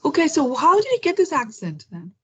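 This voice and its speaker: A woman's voice: high voice, huge pitch swings, a little fast, fairly bright tone. A woman hosts English speaking practice over a video call, asking one curious question after another. She restarts often and talks in a chatty way. The call sound is slightly dull. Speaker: English conversation host.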